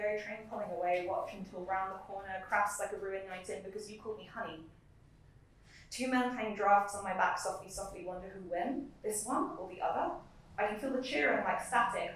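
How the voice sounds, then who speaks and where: A young woman poet giving a live reading, moving between measured recitation and chatty asides between poems. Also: medium pitch, a little hiss or hum. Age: young adult. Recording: very echoey room, mic far off.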